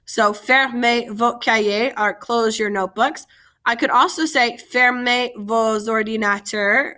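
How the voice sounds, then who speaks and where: A woman's voice: on the high side, pushed and bright. A woman French teacher giving a vocabulary lesson, carefully modeling each French phrase and then explaining it in English.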